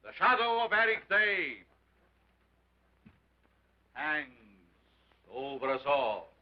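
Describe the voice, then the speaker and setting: An actor playing a sinister carnival scientist with a strange foreign accent, declaiming grandly in a 1930s film. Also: male voice, a little high, very animated, slow. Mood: grandiose. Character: sinister showman scientist, older man, theatrical. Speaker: carnival lecturer. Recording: dull lo-fi 1930s film sound.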